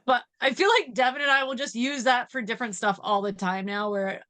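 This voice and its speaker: A woman's voice: on the high side, a little fast. A woman from West Virginia chatting as a podcast guest, telling stories with frequent laughs. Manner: giggly, lively storytelling. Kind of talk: casual chat.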